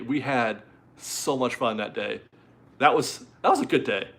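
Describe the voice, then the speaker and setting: A man's voice: mid-range voice, a little slow, fairly bright tone. A man hosting a casual live stream from home, chatty and rambling as he reads out viewer messages and is easily amused.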